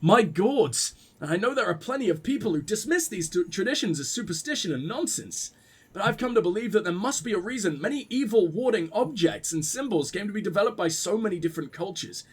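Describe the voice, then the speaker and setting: A man's voice: high-pitched, animated, a little fast, slightly rough. A man reading as an earnest young novelist's son. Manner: plain reading aloud, little character voice. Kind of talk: reading a game message aloud.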